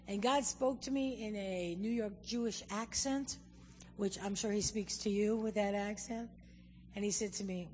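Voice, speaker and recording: A woman's voice: medium pitch, normal speed. A woman guest preacher giving a sermon and telling stories, acting out what people and God said. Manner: animated storyteller, acts out quotes. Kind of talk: sermon with storytelling. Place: church. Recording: long hall reverb.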